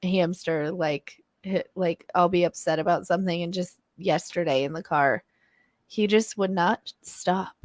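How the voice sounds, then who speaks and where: A woman co-hosting a casual talk show, talking frankly about family life in a chatty, quick-agreeing way. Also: fairly low pitch, dry recording, studio quality. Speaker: podcast co-host. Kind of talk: casual chat.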